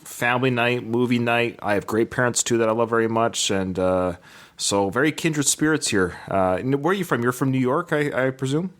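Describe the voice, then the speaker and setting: A man's voice: mid-range voice, normal speed, fairly bright tone. Chatty enthusiastic male podcast host. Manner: chatty, enthusiastic, rambling with restarts. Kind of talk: casual interview chat.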